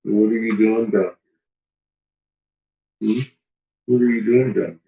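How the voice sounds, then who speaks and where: A man's voice: on the low side, fairly even intonation, measured pace, creaky, phone-quality sound. A man at home talking to his pets in a playful, teasing way, baby-talking the dog and swearing casually. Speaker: pet owner.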